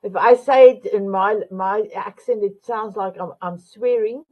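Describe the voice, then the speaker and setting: A woman speaks slowly and affectionately as a motivational talk show host. She addresses her viewers again and again as her beautiful ones. The recording sounds dull and lo-fi. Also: medium pitch.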